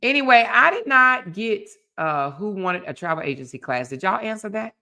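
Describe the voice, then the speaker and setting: Woman host, livestream chat, bright tone, chatty, laughs with viewers. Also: medium pitch, sing-song, normal speed.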